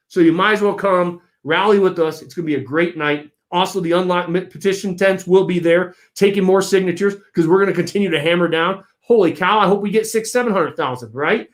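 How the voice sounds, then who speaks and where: A man hosting his own political channel, giving an energetic, emphatic pep talk to supporters and repeating rallying phrases. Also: high-pitched, brisk, few pauses. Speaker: host of a political movement channel.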